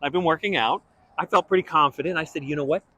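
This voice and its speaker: A man's voice: fairly high pitch, fast. A man, a guest, telling a backstage anecdote in casual chat and acting out the quotes. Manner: animated storyteller, acts out quotes.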